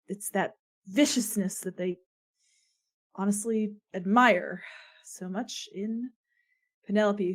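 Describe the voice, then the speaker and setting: Brief: hesitant rambling woman improv narrator, mid pitch. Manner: rambling, hesitant with many fillers. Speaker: improv storyteller.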